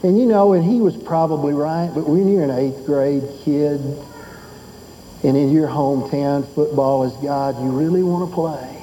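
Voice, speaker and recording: A man's voice: fairly high pitch, steady tone, normal speed, dark tone, a little hiss or hum, low-quality recording. An older man preaching a sermon as pastor. He tells folksy stories and builds to fervent exhortation.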